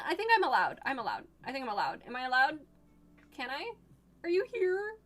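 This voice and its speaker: A young woman from Oregon streaming live, chatting casually with viewers and gushing excitedly. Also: sits high. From Oregon, United States.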